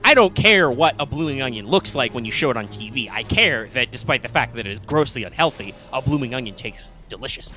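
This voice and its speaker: A man's voice: medium pitch, animated, brisk, hardly any pauses, bright, forceful tone, soft background music. A young man co-hosting a live stream, chatting casually in a rambling, self-interrupting way with frequent swearing. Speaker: co-host of a live stream show.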